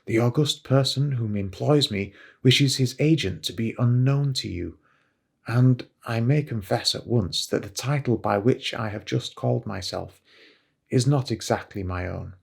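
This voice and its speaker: A man reading the lines of a stern masked foreign nobleman in a formal, measured way, close to his own voice. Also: mid-range voice, vocal fry, breathy edge.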